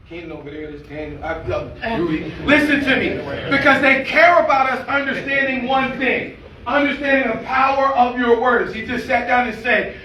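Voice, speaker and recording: A man giving an energetic, preacher-like motivational speech that he leads as call-and-response, shouting words for emphasis. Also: extremely high pitch. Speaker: motivational speaker. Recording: echoey room, mic far off, faint noise.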